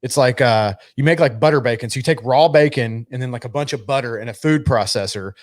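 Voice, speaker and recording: A man's voice: medium pitch, quick pace. A man co-hosting a podcast in casual chat, telling stories with a lot of swearing and laughter. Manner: animated, laughing, profane storyteller. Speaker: podcast co-host.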